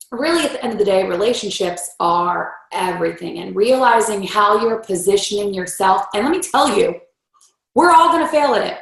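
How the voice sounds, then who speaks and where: A woman's voice: mid-range voice, vocal fry. A woman leading a team training, giving a motivational talk and acting out quoted voices along the way. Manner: animated, acts out voices in quotes. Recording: roomy echo.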